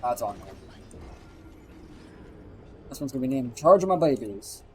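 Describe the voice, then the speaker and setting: A man's voice: medium pitch, animated, moderate pace, mellow, slightly rough, low-quality recording. A young man streaming live, telling a rambling, profane story while he plays a game. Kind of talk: casual chat while gaming on a live stream.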